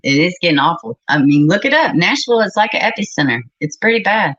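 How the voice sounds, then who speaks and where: A woman's voice: on the low side, lively intonation, fast, a bit bright. A middle-aged woman, hosting a livestream and chatting bluntly and with exasperation with her live chat. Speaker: livestream host. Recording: slightly muffled recording.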